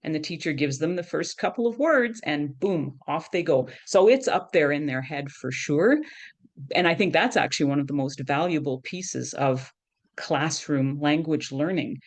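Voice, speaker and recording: A middle-aged woman with a notably low voice talks as a guest expert in a conversational podcast interview. She explains ideas patiently and keeps tagging her points with "right?". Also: animated, moderate pace. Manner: explanatory, frequently adds "right?". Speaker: guest education professor.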